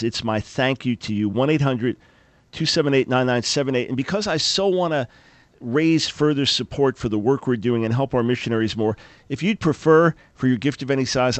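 An older male radio host with an animated, emphatic delivery. He repeats words as he gets going and pushes warmly into each appeal. His voice is recorded close and dry, as in a studio. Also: mid-range voice, dry recording. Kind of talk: radio talk show with fundraising appeal.

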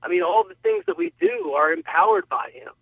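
Male caller, very high and gravelly, lively pitch, earnest explainer, tinny phone line. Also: a little fast, no room sound. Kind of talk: radio call-in talk.

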